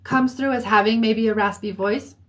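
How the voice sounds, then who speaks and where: A woman giving a psychic reading on a live stream, thinking aloud with many restarts and often clearing her throat. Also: fairly high pitch, steady tone, normal speed. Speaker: psychic reader. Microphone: phone or computer mic on a live stream.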